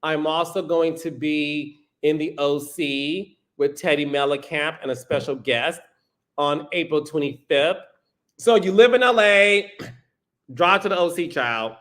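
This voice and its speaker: A man's voice: a little high, unhurried, fairly bright tone. A man hosting a live stream, reading out viewer comments in a sassy, playful way and calling people honey and child. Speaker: podcast host.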